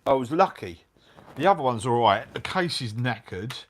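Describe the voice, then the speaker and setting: A middle-aged man telling a motorbike travel story in casual chat, animated and full of slang. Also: mid-range voice, normal speed. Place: hotel room, indoors.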